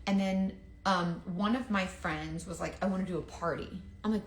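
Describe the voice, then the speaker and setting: A woman's voice: fairly low pitch, moderate pace. A woman selling makeup tells a casual, self-deprecating story, oversharing and acting out what others said, and she is sweating and overheated. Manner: chatty, self-deprecating, oversharing, quotes others in lively voices. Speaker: makeup seller. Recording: echoey room.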